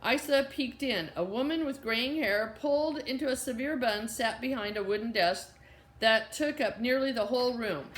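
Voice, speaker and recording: A woman's voice: fairly high pitch, a bit bright. Woman reading a storybook in a roomy space. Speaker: audiobook narrator. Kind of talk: scripted storybook narration. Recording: roomy echo.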